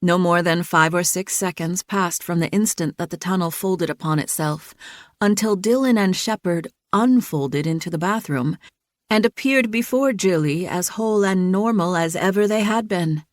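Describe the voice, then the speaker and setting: A woman narrating an audiobook thriller in a steady, measured reading. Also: fairly low pitch, dry recording, studio quality. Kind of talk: scripted narration.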